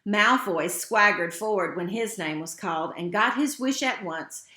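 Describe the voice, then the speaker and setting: A woman reading a novel aloud in a steady, expressive way. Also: medium pitch, measured pace. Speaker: narrator. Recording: roomy echo.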